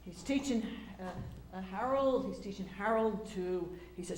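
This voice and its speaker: An older woman telling stories in a casual, animated way, acting out quotes with lots of fillers and restarts. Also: mid-range voice, normal speed, hardly any pauses, roomy sound, slight background noise. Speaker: speaker recounting memories. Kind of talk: casual storytelling talk.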